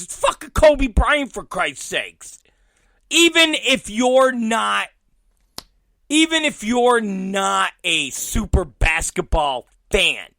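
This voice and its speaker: A man hosts his own show, telling a story in a swearing, comic rant. His voice sits high and bright, with sudden loud bursts and quiet mutters between unhurried stretches. The sound is dry and close. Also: creaky, no echo. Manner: animated, swearing, laughing storyteller; shifts between loud outbursts and muttered asides. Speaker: podcast host. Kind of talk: profane comedic ranting.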